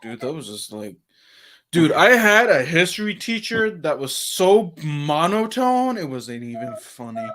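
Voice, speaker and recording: Young male podcast host, bright and animated, rambling casual talk. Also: on the high side, measured pace. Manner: rambling, many restarts and fillers. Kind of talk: casual sports chat.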